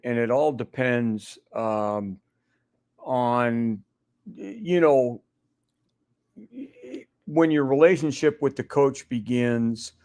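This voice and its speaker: A man's voice: mid-range voice, clear, resonant tone, dry recording, clean studio sound. A middle-aged man as a guest on a sports radio show, chatting casually and rambling with many restarts and fillers.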